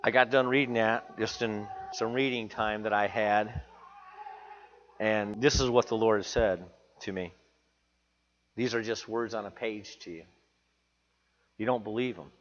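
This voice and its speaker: A man's voice: fairly low pitch, fairly even intonation, measured pace, long pauses, in a large hall, highs cut off, slight background noise. A man preaching a sermon to his church, earnest and confessional, repeating phrases for emphasis. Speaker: pastor.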